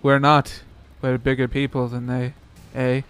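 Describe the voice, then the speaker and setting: Guy putting on a goofy canadian stereotype, loud n whiny, eh eh eh, slow and smooth. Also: mid-range voice, completely flat delivery, lightly acted. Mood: mock indignant. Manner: tacks "eh" onto every sentence, mock complaining. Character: exaggerated stereotyped Canadian man, aggrieved.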